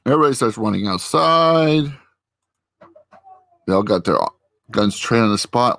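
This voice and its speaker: A man with a lowish, gravelly, slightly bright voice speaks at normal speed with lively intonation and long pauses, with no echo. He's a vlogger chatting casually at his computer with a friend, rambling through a TV episode recap with lots of fillers and acted quotes.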